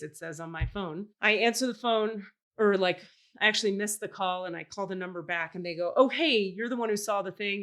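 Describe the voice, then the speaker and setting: A woman hosting a podcast, telling a story in casual chat, animated and swearing, acting out the voices of people she quotes. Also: mid-range voice. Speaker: podcast host.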